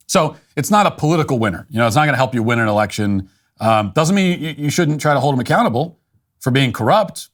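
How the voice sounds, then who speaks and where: A man's voice: mid-range voice, a bit bright. A man hosting a political commentary show, talking in a dry, dismissive way with frequent restarts.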